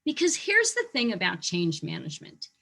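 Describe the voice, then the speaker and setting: A woman teaching a short online lesson on facility management, talking lively and acting out how staff react to change. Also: mid-range voice, moderate pace, gravelly. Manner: lively, acts out staff reactions in quoted voices.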